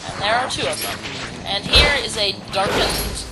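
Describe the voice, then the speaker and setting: A woman's voice: mid-range voice, moderate pace, very noisy. Chatty woman commenting on a game. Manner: chatty, jokey, self-mocking. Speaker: let's play commentator. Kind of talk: casual gameplay commentary. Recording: loud game music behind.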